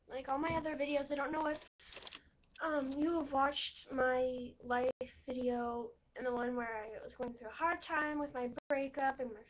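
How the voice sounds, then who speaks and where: High-voiced young woman vlogging. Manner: emotional, rambling storytelling with many fillers. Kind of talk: personal vlog talking to camera. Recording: dull lo-fi webcam audio.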